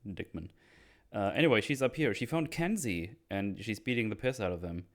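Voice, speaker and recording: A man hosting a casual podcast, retelling film scenes in loose, animated speech with crude jokes. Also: fairly low pitch, normal speed. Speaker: podcast host recapping a film.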